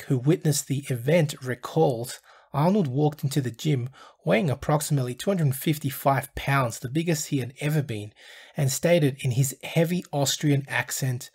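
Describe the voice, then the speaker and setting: A man with a husky, slightly grainy voice at a middle pitch reads a scripted documentary narration. He hosts his own channel and tells the story in a measured, even storytelling manner.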